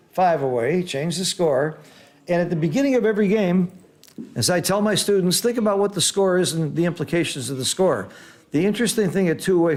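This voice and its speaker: With a fairly high-pitched voice, a middle-aged man calls a live backgammon match, reacting loudly to rolls before shifting into calm, teacherly strategy explanations.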